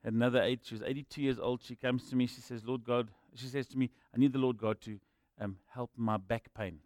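A man preaching a sermon and telling personal stories, moving between loud emphatic lines and quiet asides. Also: mid-range voice, fairly even intonation, fairly quick, dry recording, studio quality. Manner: storytelling, swinging from loud emphasis to hushed asides.

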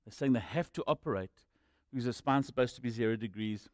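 Speaking quickly, a man preaches a sermon laced with personal testimony, recorded dry and close with almost no ambience. His voice sits in a middle pitch, and he jumps between loud, emphatic statements and hushed, confiding asides.

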